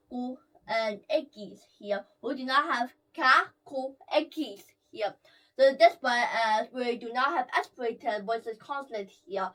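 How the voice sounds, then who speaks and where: A woman teaching letters and sounds while drawing them, repeating each sound slowly and ending phrases with a habitual "here". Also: high voice. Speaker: language teacher. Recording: voice slightly distant from the mic.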